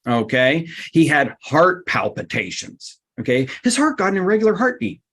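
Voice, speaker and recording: A man giving a lively seminar talk, emphatic and blunt, his voice leaping up on the points he stresses. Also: normal speed. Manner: emphatic and blunt, with sudden pitch jumps. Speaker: workshop speaker.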